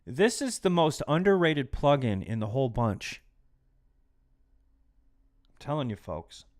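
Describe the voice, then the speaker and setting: Slow-talking man muttering through a mix. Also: medium pitch, big pitch swings. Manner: chatty, drops into quiet muttered asides while working. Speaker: livestream host teaching music mixing. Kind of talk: casual live tutorial talk.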